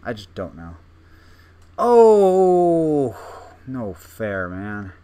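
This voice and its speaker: Slow-talking low-voiced young man gaming. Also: animated. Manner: self-mocking, thinking aloud, hesitant restarts. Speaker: gaming video host. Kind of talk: casual gameplay commentary.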